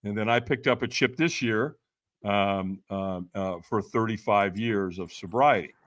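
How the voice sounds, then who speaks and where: A man in his sixties, a podcast guest telling his personal story in an animated way and acting out voices. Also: fairly low pitch, measured pace, no echo.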